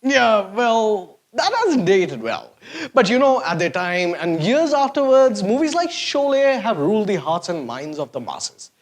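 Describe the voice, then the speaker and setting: Guy doing a sarcastic comedy rant, kinda high voice, all over the place with it. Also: sing-song, a little slow. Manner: sarcastic, mocking, exaggerated swings of voice. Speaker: host.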